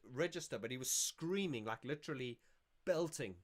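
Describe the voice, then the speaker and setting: A man's voice: a little high, lively intonation, moderate pace. A man hosting a casual livestream, answering viewer questions in a rambling, self-correcting way. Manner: rambling and self-correcting, sings snippets to illustrate.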